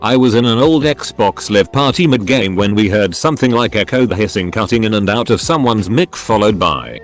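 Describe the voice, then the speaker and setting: A man narrating scripted funny online stories in a lively storytelling manner. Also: fairly low pitch, normal speed, few pauses, soft background music.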